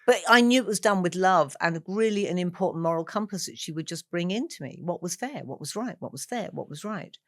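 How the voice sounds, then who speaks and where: A woman in her sixties from England, a guest talking over memories, with an animated storytelling manner and frequent laughs. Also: fairly low pitch, fairly quick, few pauses, no echo, studio quality. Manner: warm storyteller, laughs often, animated asides. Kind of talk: reflective conversation.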